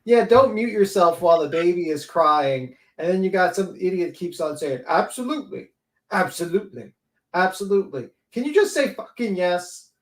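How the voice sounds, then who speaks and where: High-voiced man ranting in a roomy echo. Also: expressive, normal speed, few pauses. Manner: profane, ranting, sarcastic. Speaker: panel host. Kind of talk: livestream panel rant.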